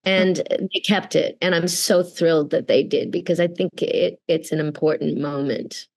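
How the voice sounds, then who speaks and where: Earnest, gravelly-voiced Canadian woman. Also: sits low, normal speed. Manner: earnest, expressive, acts out quoted exchanges. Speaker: voice actor guest. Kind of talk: interview conversation.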